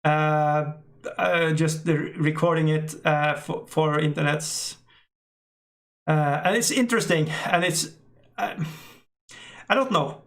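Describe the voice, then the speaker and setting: A middle-aged man, an English speaker, hosting a casual live stream and reading out chat, halting with many fillers and frequent laughs. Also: fairly high pitch, fairly even intonation, vocal fry, a bit bright.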